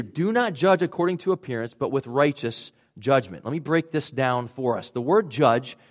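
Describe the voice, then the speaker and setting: A man with a Rhode Island accent delivers a sermon. He keeps it conversational, breaking each idea down step by step and adding asides along the way. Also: mid-range voice. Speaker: pastor.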